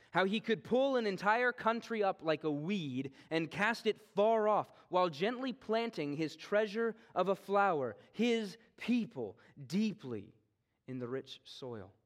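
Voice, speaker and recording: A man preaching an expository sermon in an earnest way, his voice often sinking low and quiet at the ends of phrases.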